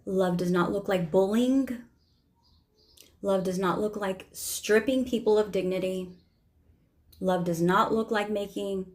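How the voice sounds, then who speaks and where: A woman vlogger giving impassioned spoken commentary, emphatic and driving points home with sermon-like repetition. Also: medium pitch.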